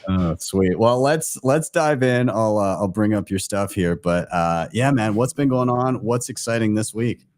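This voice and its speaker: A man hosting a casual live crypto show, relaxed and joking with his co-host. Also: fairly low pitch, unhurried, hardly any pauses, dry recording. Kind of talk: casual livestream chat.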